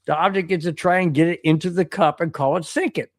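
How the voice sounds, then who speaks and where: Excitable American man telling a story. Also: on the high side, quick pace, no room sound, clean studio sound. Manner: rambling storyteller, excitable, reads super chats. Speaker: podcast co-host. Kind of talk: casual sports podcast chat.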